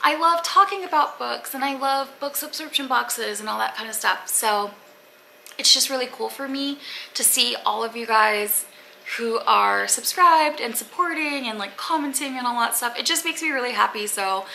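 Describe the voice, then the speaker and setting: Young girl chatting about books, bright voice w some vocal fry, faint hiss behind. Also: a little high, normal speed, rough recording. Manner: chatty, rambling, lots of "like" fillers. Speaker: booktuber. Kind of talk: casual unboxing chat to camera.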